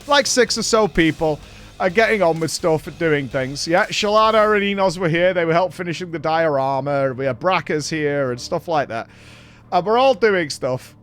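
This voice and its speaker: A man from Britain, hosting a show and telling a story in a casual recap, animated and swearing freely. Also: on the high side, moderate pace, soft background music. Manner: animated, swears freely, acts out quoted dialogue. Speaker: show host.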